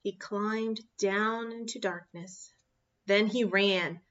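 A woman reads a children's storybook aloud slowly and expressively, with a bright, fairly high voice. The recording has a dull, lo-fi sound. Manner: expressive, slow, animated. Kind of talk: reading a picture book aloud.

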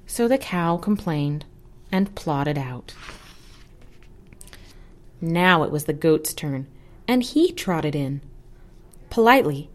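Young female reader for a kids' story, slow and very expressive. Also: fairly low pitch. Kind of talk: children's story read-aloud.

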